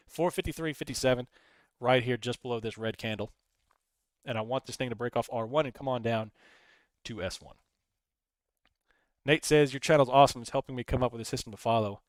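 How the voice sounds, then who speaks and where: A man's voice: medium pitch, no echo. A man hosting a casual live stream, rambling, reading chat messages aloud and talking through his trades. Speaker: livestream host.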